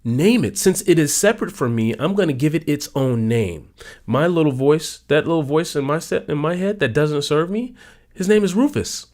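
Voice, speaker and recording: A man's voice: a little high, lively intonation, normal speed, a little mellow. A man giving an emphatic motivational talk on his own channel. He repeats his main points and pushes his voice sharply upward when he stresses them. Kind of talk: motivational talk about a book.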